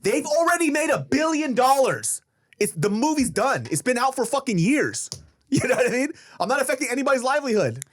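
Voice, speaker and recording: Fast, animated man in podcast banter. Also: very high-pitched, no room sound, clean studio sound. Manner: animated, laughing, swears freely. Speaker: podcast host. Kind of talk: casual podcast chat.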